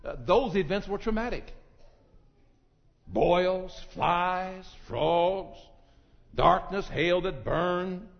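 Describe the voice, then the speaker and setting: Male pastor, high-pitched voice, preaching with wild swings from hush to shouts; dull, echoing church recording. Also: animated, slow pace, gravelly. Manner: preaching, swings from low murmurs to shouted climaxes, calls on congregants by name. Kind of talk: sermon. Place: church sanctuary.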